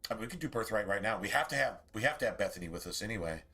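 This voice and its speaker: A man's voice: lowish voice, expressive, racing, sharp tone, husky. A man streaming a game and chatting casually to his viewers, rambling and swearing freely. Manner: rambling, profane, talks straight to chat. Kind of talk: casual livestream chat.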